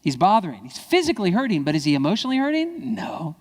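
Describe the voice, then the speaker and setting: Animated male keynote speaker in a hall. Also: fast. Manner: animated, acts out quoted children and parents in high voices. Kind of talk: lively keynote speech. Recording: hall reverb.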